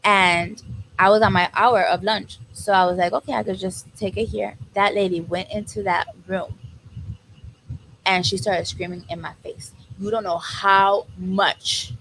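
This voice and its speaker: A woman's voice: mid-range voice, fairly even intonation, unhurried, fairly bright tone, low-quality recording. A Puerto Rican woman in a casual podcast chat, recounting a story in a mid-range voice. She swears and mixes Spanish into her English. Faint background noise sits under her voice. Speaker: podcast co-host.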